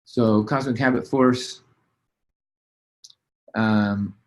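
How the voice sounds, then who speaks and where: A man's voice: on the low side, steady tone, drawn-out words, darkish tone. A man giving a casual motivational training talk about business habits, with loose fillers and restarts. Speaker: business coach. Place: at a desk, writing as he talks.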